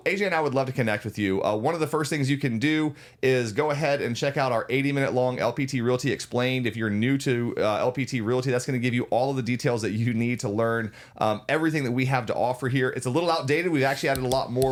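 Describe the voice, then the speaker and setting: A man co-hosting a show, wrapping up with friendly, steady remarks to viewers. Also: medium pitch. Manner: friendly, steady, uses filler "uh". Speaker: co-host.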